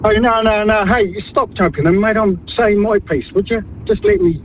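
Man calling in, New Zealand accent, high voice, tinny phone line with faint hiss, blunt and halting. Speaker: caller.

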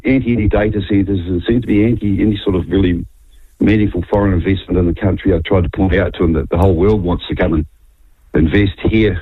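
A man's voice: sits low, husky, no echo. A man with a New Zealand accent calling in to talkback radio, rambling through his opinion with many hesitations. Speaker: caller. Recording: tinny phone line.

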